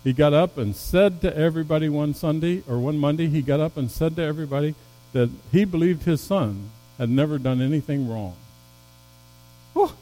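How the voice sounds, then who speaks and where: In poor audio, a pastor preaches, his delivery climbing to loud, emphatic highs and sinking to soft, low lulls, punctuated by stumbles and restarts.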